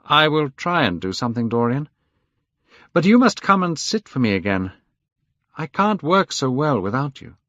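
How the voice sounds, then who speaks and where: A man plays a gentle, devoted painter, earnest and coaxing, his pitch raised and swinging widely. The sound is dull and dry, like a lo-fi home recording. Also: very animated, normal speed, no echo.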